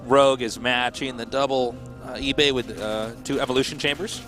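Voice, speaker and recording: A man's voice: mid-range voice, fairly even intonation, moderate pace, fairly bright tone, soft background music. A man commentating a live game, joking with his co-caster and laughing often. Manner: jokey, laughs often, playful asides. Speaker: esports commentator.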